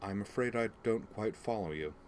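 A man's voice: on the low side, a little hiss or hum, lightly acted. A man voicing a stern alien woman admiral. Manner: dry, measured, authoritative.

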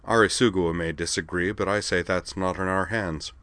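A man voicing a calm young swordsman who speaks in a measured, gently amused way in an audiobook reading. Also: low-pitched, dry recording.

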